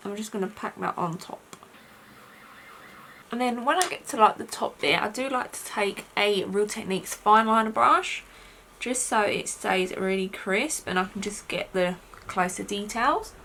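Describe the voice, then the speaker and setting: A woman's voice: mid-range voice, moderate pace, bright, forceful tone, slight background noise. A young British woman chatting her way through a makeup tutorial, rambling with lots of fillers. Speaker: beauty vlogger.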